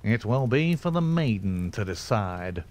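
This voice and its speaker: A man's voice: fairly low pitch, big pitch swings, unhurried, darkish tone. A man voicing a vain, smirking rich young man who brags and threatens. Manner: smug, scolding, self-satisfied.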